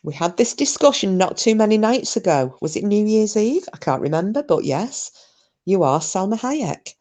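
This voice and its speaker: A woman's voice: mid-range voice, big pitch swings, normal speed, mellow. A Scottish woman hosting a casual livestream, reading viewers' comments aloud and chatting back in a teasing, chatty way with mild swearing. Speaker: livestream host.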